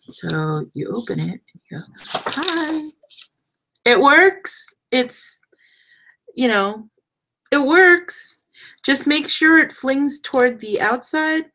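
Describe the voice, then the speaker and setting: A young woman talks her way through a craft project on a livestream, unhurried and drawn out. Her voice has a gravelly, fried edge, and she chats in a self-deprecating way, her sentences trailing off while her hands are busy. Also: medium pitch, a bit bright, slight background noise, rough recording. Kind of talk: casual crafting demo.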